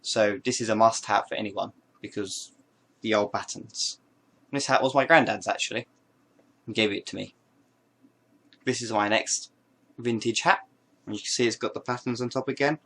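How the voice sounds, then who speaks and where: A man's voice: lowish voice, moderate pace, long pauses, a bit bright. A man chatting casually to camera, showing his hats with playful, rambling jokes and asides. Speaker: vlogger. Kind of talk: casual show-and-tell to camera.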